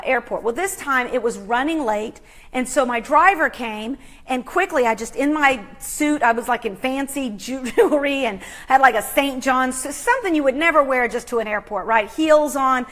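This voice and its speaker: A middle-aged woman hosting a motivational talk, telling a story with dramatic swings from hushed to loud. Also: a little high. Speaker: host.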